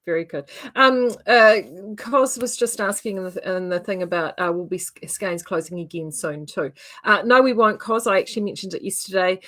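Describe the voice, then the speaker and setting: A woman's voice: medium pitch, normal speed, sharp tone. A woman with a New Zealand accent hosting a casual livestream, chatty and rambling with many fillers. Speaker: yarn shop host.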